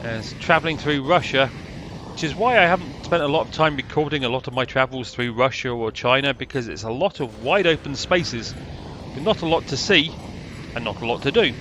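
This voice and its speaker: A man's voice: mid-range voice, normal speed, noisy background. A British man giving casual, rambling commentary over a train management game, with a dry, sarcastic manner. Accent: British English. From Britain. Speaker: gameplay commentator.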